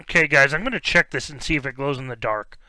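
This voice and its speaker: A mid-range, quick-paced young man speaks with no room sound as he hosts a card break. Casually chatting on the live stream while opening packs, he reads off player names, rambling, stumbling over some of them, with sudden bursts of excitement.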